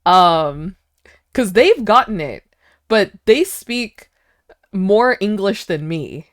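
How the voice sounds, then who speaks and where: Speaking slowly but animatedly in a medium-pitched voice, a young woman streamer chats with viewers and answers their chat, giggly and heavy on filler words. She has an American accent, and Vietnamese is her first language. The recording is dry and studio quality.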